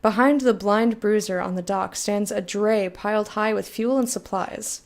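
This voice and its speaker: In a mid-range voice at a moderate pace, a woman streams a game, voicing its text aloud and chatting candidly with viewers. It's a casual let's-play, and she swears freely.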